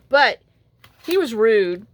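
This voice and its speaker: A woman, chatting frankly and rambling through a story as a crafting vlogger at her home craft table. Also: a little high. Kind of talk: casual storytelling chat while crafting.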